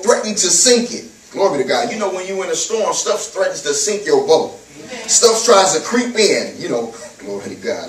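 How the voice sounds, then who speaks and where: A male pastor with a high voice preaching a sermon. He reads scripture and riffs on it, sprinkling in "amen" and "glory to God," and turns loud and laughing when acting out a scene. The sound is roomy and picked up from a distance. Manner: loud, laughing, sing-song delivery when acting out the disciples. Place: church. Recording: echoey room, mic from a distance.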